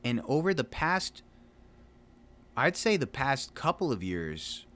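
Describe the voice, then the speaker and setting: Around thirty, this gaming vlogger talks with a medium-pitched, sing-song voice that is slow and a bit bright. He rambles casually while playing a game at home, loose, chatty and self-mocking, with plenty of fillers.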